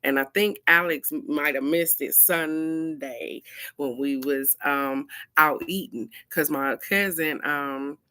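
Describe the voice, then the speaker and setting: A woman's voice: sits low, takes it slowly. A woman hosting a casual talk, telling stories animatedly and speaking straight to her viewers with frank, casual swearing. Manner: animated storytelling, addresses viewers directly. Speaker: host of a card-of-the-day talk. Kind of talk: casual chat.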